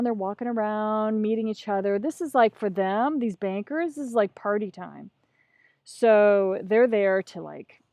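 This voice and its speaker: Animated middle-aged woman telling a story. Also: mid-range voice, no echo. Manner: animated, acts out voices, profane. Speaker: podcast guest. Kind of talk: casual storytelling.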